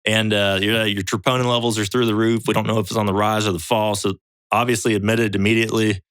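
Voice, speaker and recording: A man's voice: on the low side, quick pace, clean tone, no room sound. A man, a podcast guest, telling a story in casual chat, acting out other people's lines and swearing freely. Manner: animated storyteller acting out quotes in raised voices. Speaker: podcast guest, survival show veteran.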